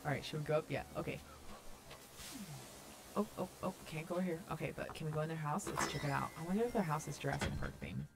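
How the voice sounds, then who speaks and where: A woman's voice: low-pitched, fast talker, gravelly, background noise. Gushing young woman touring a game island. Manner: gushing, excited, lots of gasps and "oh my God". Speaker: gaming vlogger touring a fan-made island. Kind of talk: casual game commentary.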